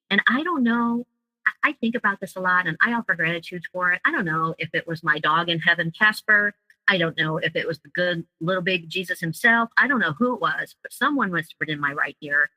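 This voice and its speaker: Woman recounting her story, bright and dry. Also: on the low side, no room sound, poor audio. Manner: emotional storytelling, acts out quoted dialogue. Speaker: guest. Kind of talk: personal account in an interview.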